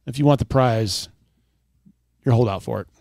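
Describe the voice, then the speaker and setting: Male podcast co-host, mid-pitched, relaxed and upbeat, dry close mic. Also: normal speed, creaky, dry recording. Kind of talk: casual chat.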